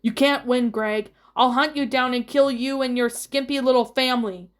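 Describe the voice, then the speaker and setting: A woman's voice: a little high, steady tone, a little slow, natural voice. A woman voicing a cruel gangster who growls out menacing threats.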